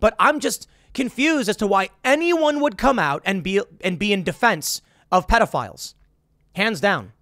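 Animated man hosting political commentary. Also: sits high, no echo, studio quality. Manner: animated, acts out quoted voices. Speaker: host.

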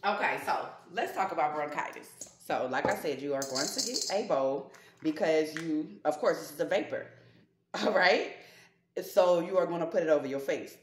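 A woman's voice: deep voice, lively intonation. Folksy woman chatting through a home remedy. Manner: chatty and folksy, calls viewers baby and y'all; slows down when reading from notes. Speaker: holistic healer vlogger. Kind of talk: casual home remedy vlog. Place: home kitchen and backyard garden.

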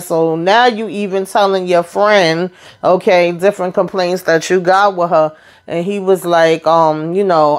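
Speaking at normal speed in a lowish voice with fairly even intonation, a woman recaps a reality TV episode for her viewers. She's a TV recap YouTuber, casual and slangy, throwing in sassy comments to the audience.

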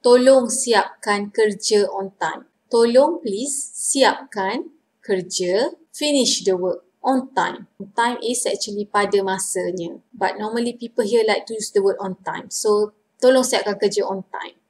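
A woman with a Malaysian English accent, explaining words to a learner in an online lesson. Her pitch sits at a middle level, and she talks patiently, repeating key phrases slowly so they sink in. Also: a little mellow. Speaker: language teacher.

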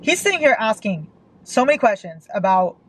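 A woman's voice: medium pitch, very animated, a little fast, a little hiss or hum, low-quality recording. A young woman reading a novel aloud and reacting with emotional outbursts, as a book vlogger.

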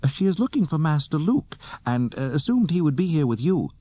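A man voicing a fussy, formal male protocol droid in an audiobook reading, high-strung and prissy. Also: big pitch swings, brisk, warm tone, dull audio. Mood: fretful.

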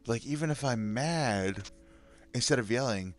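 A man's voice: medium pitch, animated, a little slow, faint music behind. A man reading anger-management tips aloud and commenting on them candidly, in a casual vlog. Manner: reads advice aloud then comments candidly, with sighs and laughs. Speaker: vlogger. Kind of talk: casual self-help video reading and reacting.

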